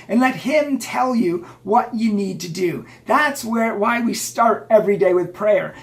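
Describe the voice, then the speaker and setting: A man's voice: high voice, a bit bright, distant mic. Earnest man preaching faith tips. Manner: earnest, emphatic, repeats phrases for stress. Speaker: Catholic faith vlogger. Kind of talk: motivational faith talk to camera.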